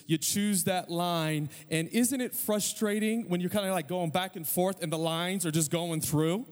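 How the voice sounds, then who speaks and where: A middle-aged male pastor preaching a sermon, telling a story with self-deprecating humor and quick asides. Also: high voice, long reverb tail.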